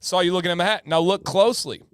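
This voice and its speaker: A man's voice: sits high, fast, smooth, no room sound. A man hosting a casual livestream, chatty and joking, greeting viewers by name, with a slightly sore throat. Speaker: livestream host.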